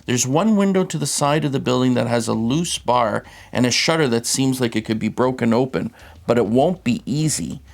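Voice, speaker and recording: A man's voice: medium pitch, lively intonation, normal speed, gravelly. A man hosting a tabletop game, reading the scenario aloud and explaining rules patiently.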